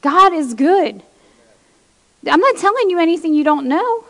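A woman's voice: extremely high pitch, sing-song, measured pace, a bit bright, in a large hall. A woman preacher giving an impassioned sermon, reading scripture aloud and speaking straight to her congregation in a church.

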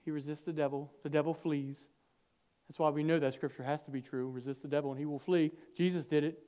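A man preaching a sermon, swinging from hushed, intimate lines to loud, animated bursts, acting out quoted dialogue with humor. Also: on the high side, quick pace, smooth.

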